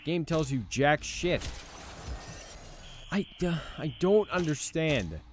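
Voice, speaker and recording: A man's voice: a little high, expressive, slow pace, slight background noise. A young man giving let's play commentary as he plays, frustrated, swearing and repeating himself. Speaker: gaming channel host.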